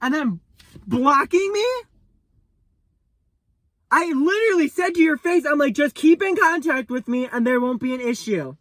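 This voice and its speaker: A man's voice: extremely high pitch, lively intonation, moderate pace, long pauses, a bit bright, no echo. Young guy ranting at the camera, mad and swearing a lot, trips over his words, dry close sound. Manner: furious, profane and confrontational; repeats himself and stumbles over his words. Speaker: vlogger. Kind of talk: angry vlog rant to camera.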